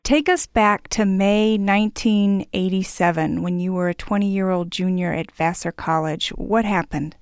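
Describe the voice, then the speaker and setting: A woman's voice: mid-range voice, steady tone, measured pace, hardly any pauses, smooth, no room sound, clean studio sound. A woman hosting a radio interview show, reading polished, scripted introductions and asking questions. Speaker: host.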